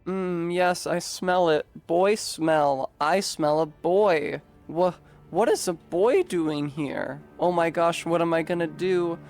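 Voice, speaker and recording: Guy doing a swoony boy-crazy girl, slow and breathy, kinda high, faint music behind. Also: darkish tone. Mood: giddy. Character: giddy boy-crazy young woman swooning over a scent. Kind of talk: dramatic reading of a chat post.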